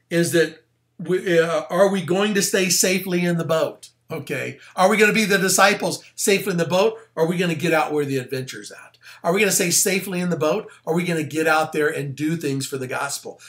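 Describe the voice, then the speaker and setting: In a relaxed, chatty sermon, this pastor keeps wandering into asides and plain slang. His bright, slightly high voice swings about freely as he speaks with animation.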